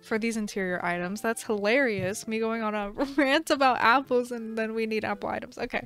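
A woman's voice: on the high side, fairly even intonation, a little fast, fairly bright tone, smooth, faint music behind. A young woman in her twenties casually commenting on her gameplay, rambling and giggling, and playfully scolding the game characters. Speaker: gaming channel host. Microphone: desk microphone.

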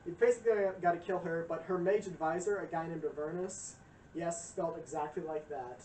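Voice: medium pitch, fairly quick, darkish tone. A young adult streamer casually rambling through a lecture, swearing often, with fillers and acted-out quotes. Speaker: streamer giving a game lore lecture. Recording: roomy echo, distant mic, faint noise.

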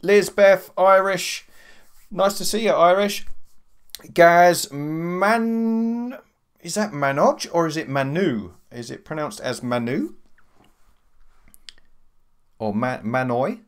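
A man's voice: a little high, takes it slowly, pauses often, smooth. A man hosting a casual live stream, swearing freely as he greets chat viewers by name from his home computer on a desk microphone. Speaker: livestream host. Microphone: desk USB microphone.

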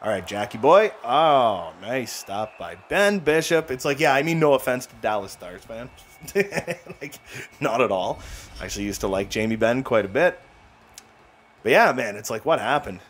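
A young man hosting a gaming channel, giving excitable play-by-play that swings into rants and jokes. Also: medium pitch, normal speed. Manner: excitable play-by-play, ranting and joking. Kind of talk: live gameplay commentary.

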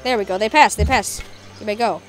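A woman hosting a gameplay video with casual commentary, excitable and jokey, talking to her game units. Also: medium pitch, fairly quick, faint music behind. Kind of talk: casual let's-play commentary.

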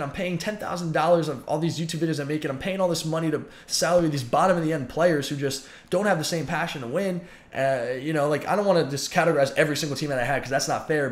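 A man's voice: on the high side, reverberant. A man in his twenties venting his frustration in a heated, repetitive vlog monologue. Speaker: YouTuber and pro gamer.

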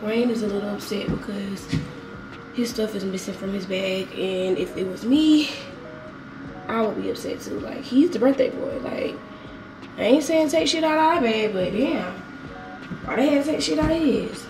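A woman's voice: medium pitch, moderate pace, reverberant, recorded from a distance, music in the background, poor audio. A young woman vlogger telling a story in casual slang, swearing freely and talking with lots of energy.

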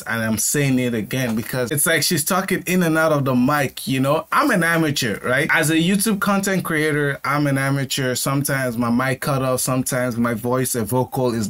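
A man's voice: mid-range voice, normal speed, fairly bright tone. Blunt young man reacting, apologetic. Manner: blunt, apologetic, repeats himself. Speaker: reaction video host. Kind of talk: casual reaction commentary.

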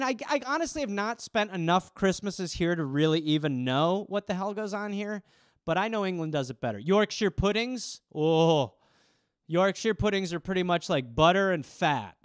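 Man, high voice, very lively, rambling profane comedy riff, smooth close dry sound. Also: normal speed, dry recording. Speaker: comedian podcast host. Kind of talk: casual comedic monologue.

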